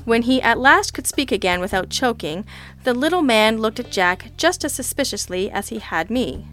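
A woman narrating an audiobook in the first person. Her delivery is deadpan with a sardonic edge. She keeps an even, steady reading voice. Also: a little high, moderate pace, faint music behind.

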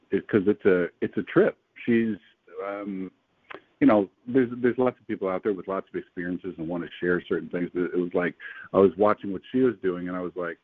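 Man, deep voice, husky, enthusiastic rambler, dry tinny recording. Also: no room sound. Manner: enthusiastic, rambling, many fillers. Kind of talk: casual conversation. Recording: tinny phone-like, dry sound.

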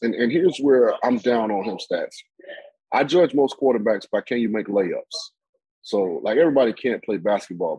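A man's voice: on the low side, warm tone, husky, no echo, rough recording. A man giving opinionated football analysis on a sports talk show, rambling with many fillers and restarts.

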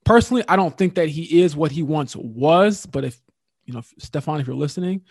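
Animated man, fairly high voice. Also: a little fast, husky, no echo, clean studio sound. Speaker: sports reporter co-hosting a podcast. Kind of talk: casual sports talk.

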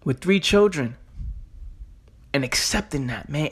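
New guy going off on his podcast, slangy and intense, kinda high voice. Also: lively intonation, measured pace, long pauses, husky. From New York. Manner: emphatic, street slang, repeats phrases. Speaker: podcast host. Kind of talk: motivational podcast monologue.

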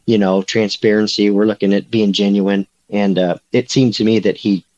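A man's voice: fairly low pitch, fairly even intonation, moderate pace, a little mellow, highs cut off. A man co-hosting a casual sports podcast, rambling with lots of fillers and restarts. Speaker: podcast co-host, recruiting beat reporter.

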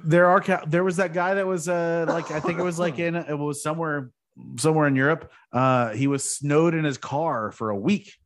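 A man's voice: a little high, fairly even intonation, moderate pace. A young man in casual chat, rambling and swearing as he tells stories. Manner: rambling, swearing, restarts often.

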